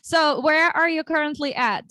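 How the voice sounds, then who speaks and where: A woman's voice: sits high, normal speed, pushed and bright, no echo. A woman hosting a casual livestream interview, chatty and upbeat, often restarting her sentences. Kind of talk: casual chat.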